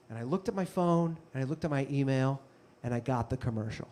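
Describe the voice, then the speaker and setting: A young man telling a comic story on stage, animated and breaking into loud shouted bits. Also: mid-range voice, fairly quick. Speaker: comedian. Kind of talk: stand-up storytelling.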